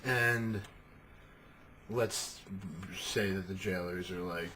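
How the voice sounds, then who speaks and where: A man's voice: low voice, slow, pushed and bright, a little hiss or hum. A man rambling casually and swearing freely as he talks about tabletop role-playing. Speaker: tabletop game talker. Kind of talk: casual monologue.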